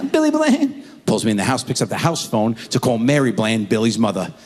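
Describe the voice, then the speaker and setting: A middle-aged man doing stand-up storytelling on a comedy stage, animated and jumping in and out of voices. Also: lowish voice, a little fast, slightly rough. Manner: animated, with wild swings into voices. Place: comedy stage before a live audience. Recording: long hall reverb, faint room noise.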